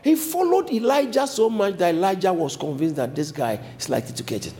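A man preaching a sermon as a pastor, switching between low explanations and sudden high emphatic lines. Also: fairly quick. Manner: animated preaching, jumping to high emphatic pitch.

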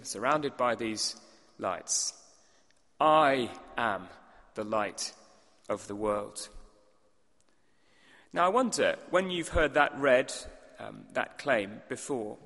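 A male preacher delivers a sermon in a large hall, his voice bright and sharp against a long, ringing reverb. He speaks with emphasis, asking the congregation rhetorical questions and clearing his throat from time to time. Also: medium pitch. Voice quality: clears throat now and then.

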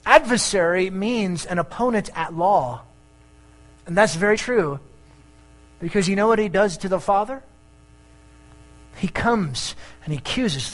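A male pastor preaching a sermon in an animated way, mixing jokes and asides into his points. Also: high-pitched, unhurried, long pauses, poor audio.

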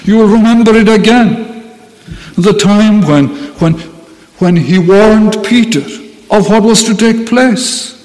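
A man preaching a sermon in a slow, deliberate way, with emphatic repetition. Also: high voice, darkish tone, big-room sound, low-quality recording.

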